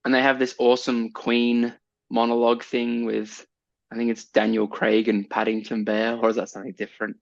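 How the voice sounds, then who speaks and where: A chatty man co-hosting a casual podcast, laughing easily and trailing off mid-thought. His voice sits at an ordinary middle pitch. The sound is dry and a little dull, close to the mic. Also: completely flat delivery, a little fast, creaky, no echo. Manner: chatty, laughs often, trails off with "I don't know". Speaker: podcast co-host. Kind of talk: casual chat.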